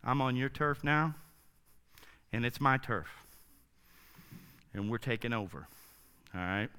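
A tough, swaggering Jesus, put on by a male preacher talks low and laid-back, like a man claiming his turf. The tone stays bright and clear. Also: expressive, slow. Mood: defiant. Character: tough streetwise Jesus squaring up to a rival.

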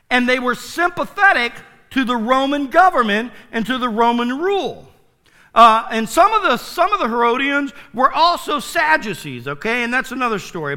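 Man preaching in church, really high bright voice, slow, big swings loud to hushed. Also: long reverb tail. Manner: playful asides to the congregation. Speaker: pastor. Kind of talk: sermon. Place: church sanctuary.

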